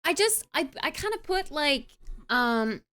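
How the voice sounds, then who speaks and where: A young adult woman streams a casual chat, reading her live chat and responding in a bubbly, animated way while saying "like" a lot. Her voice is high-pitched and her pace unhurried.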